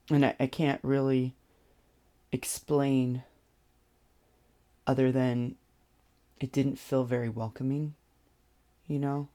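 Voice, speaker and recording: A vlogger with a mellow, mid-range voice tells a personal story hesitantly, with many pauses and restarts.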